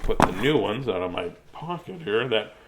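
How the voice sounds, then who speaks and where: A man's voice: on the low side, animated, moderate pace, very noisy. A man reading children's picture books aloud in a playful, silly way, laughing and chatting between pages. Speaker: children's book reader.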